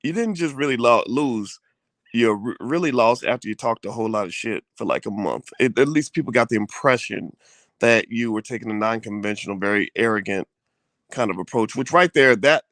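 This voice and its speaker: A man in casual conversation, talking in an animated way with frequent restarts and blunt slang. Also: mid-range voice, brisk, no room sound. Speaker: co-host. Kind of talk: casual chat.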